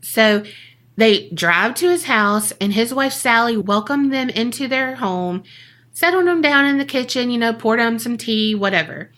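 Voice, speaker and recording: Bright animated woman telling a story. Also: on the high side, measured pace. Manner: animated, swearing, acts out quoted people in slang. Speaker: podcast co-host. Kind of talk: casual storytelling chat.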